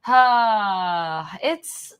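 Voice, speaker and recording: A woman's voice: mid-range voice, drawn-out words, a bit bright, clean tone. Chatty woman hosting a comics show. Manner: chatty, with many fillers and trailing thoughts. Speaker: podcast host. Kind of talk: casual chat.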